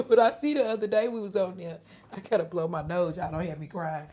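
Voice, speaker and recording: A woman's voice: lowish voice, brisk, warm tone. A woman chatting casually on her live stream, laughing often and answering her chat.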